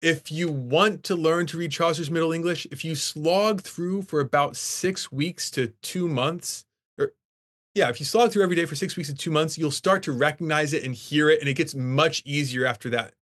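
Male English professor with a slightly high voice, enthusiastic classroom lecturer. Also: moderate pace, a bit bright. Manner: enthusiastic, emphatic about the poetry.

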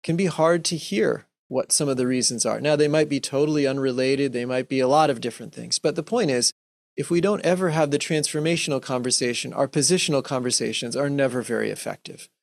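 A man giving a gentle, earnest talk to a Christian audience, often restarting his sentences and acting out short examples. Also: medium pitch, fast, creaky, dry recording, studio quality. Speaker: speaker giving a Lenten talk.

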